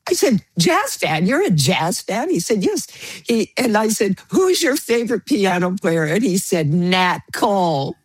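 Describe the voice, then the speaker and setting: A woman's voice: mid-range voice, moderate pace, breathy edge, no echo. A woman radio host telling a funny travel story in a casual chat, acting out the voices of the people in it. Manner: lively storyteller, acts out quoted voices, laughs often. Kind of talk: anecdote told in casual chat.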